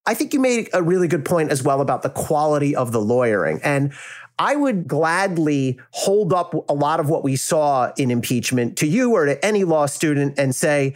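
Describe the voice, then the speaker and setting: A man's voice: on the high side, expressive, brisk. A man with a South Jersey accent, a former prosecutor speaking frankly in a casual interview and acting out the reactions he quotes. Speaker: legal analyst and former prosecutor.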